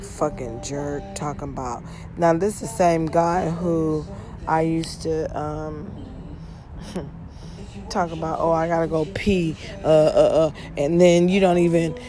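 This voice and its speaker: A woman with a slightly low-pitched voice hosts her own podcast in a loose, rambling monologue. She talks bluntly and swears freely, and she yawns often as she speaks. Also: steady tone, takes it slowly, a crowd in the background. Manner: frequent yawning. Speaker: podcast host. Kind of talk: casual monologue.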